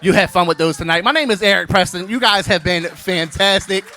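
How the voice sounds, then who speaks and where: A man's voice: high voice, fairly quick, pushed and bright, a little hiss or hum. A man in his thirties doing a brash, playful stand-up comedy set on stage, teasing the crowd.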